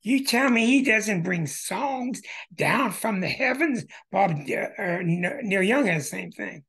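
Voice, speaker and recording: A man hosting an astrology show who walks through birth charts in an emphatic way, with bursts of excitement. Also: high-pitched, slow, gravelly, husky.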